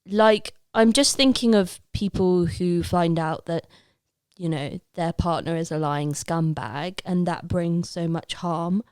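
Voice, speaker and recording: Young woman from leicester, lowish voice, jokey rambling podcast guest, dry close sound. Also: slow pace, a little mellow, smooth, dry recording. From Leicester, England. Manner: jokey, free-associating, laughs often. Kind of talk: casual chat.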